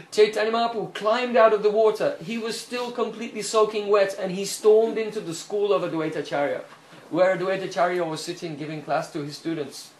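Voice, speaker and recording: An animated preacher weaves stories into his sermon, frequently breaking off with "hmm?" to make sure his listeners are following, and chuckling now and then. His fairly high male voice echoes in the room, with faint hiss underneath.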